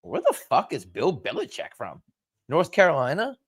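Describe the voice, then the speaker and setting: A man's voice: a little high, wildly swooping pitch, normal speed, slightly rough. A man hosting a livestream, chatting casually and talking to his chat. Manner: chatty, reads the chat aloud. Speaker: stream host.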